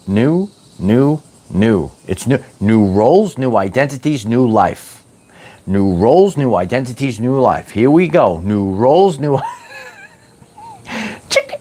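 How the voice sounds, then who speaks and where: An animated man with a medium-pitched voice hosts a spiritual wellness livestream, giving motivational talk to his chat. He's playful and repetitive, drawling words like "baby".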